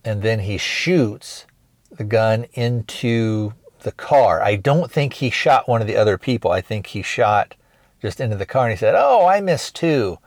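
A man's voice: lowish voice, unhurried, no echo. A man hosting a podcast, retelling a film plot in a rambling, hesitant way with many restarts. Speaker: podcast host. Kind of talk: casual movie review recap.

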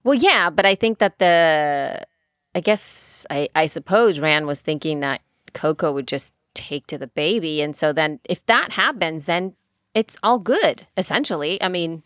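A woman's voice: sits low, unhurried, fairly bright tone, dry recording, studio quality. A woman chatting casually who hesitates often and restarts her sentences. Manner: hesitant, many restarts and fillers. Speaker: podcast co-host, goat keeper. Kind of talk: casual chat.

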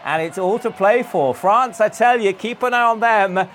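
A man with a high-pitched voice gives an enthusiastic live sports roundup for a news channel. He piles on praise as he describes the goals. Faint ambient noise sits under his voice. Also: moderate pace, a bit bright. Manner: enthusiastic, effusive commentary. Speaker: sports correspondent.

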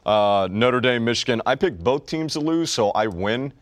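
A man's voice: medium pitch, expressive, normal speed, no room sound. A young man co-hosting a podcast, chatting casually and sarcastically about sports. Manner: wisecracking, sarcastic. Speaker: podcast co-host.

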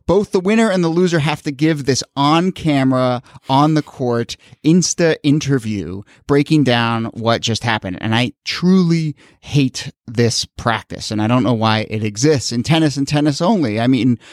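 An earnest man co-hosting a podcast and talking through his opinion with feeling. His voice sits at an ordinary middle pitch, recorded close and dry with no room sound. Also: moderate pace, hardly any pauses, no room sound. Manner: earnest, animated, emotional. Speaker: podcast co-host. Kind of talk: casual podcast commentary.

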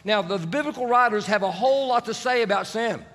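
High-voiced pastor preaching in a reverberant hall. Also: male voice, fast, fairly bright tone. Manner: conversational preaching, leading the congregation in prayer. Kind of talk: sermon. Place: large church sanctuary.

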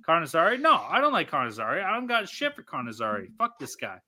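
A tipsy man hosting a casual podcast, swearing freely and laughing between lines. His voice sits high for a man and rings very bright and forceful. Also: wildly swooping pitch, quick pace. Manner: crude, profane, laughing. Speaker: podcast host. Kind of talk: casual chat.

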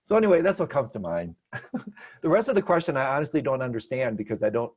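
A man giving an online teaching talk on a video call, telling stories in an animated way and laughing often. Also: mid-range voice, fast, slightly rough. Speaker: meditation teacher.

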